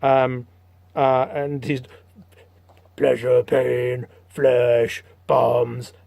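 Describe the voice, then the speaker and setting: A man hosting a podcast, rambling through a comic book issue in casual, animated commentary with lots of fillers. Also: medium pitch, drawn-out words, vocal fry, no echo. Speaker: podcast host.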